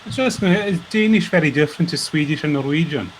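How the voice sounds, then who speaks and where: A man's voice: fairly high pitch, lively intonation, fast, slight background noise, poor audio. A man chatting casually on a live stream, loose and full of fillers.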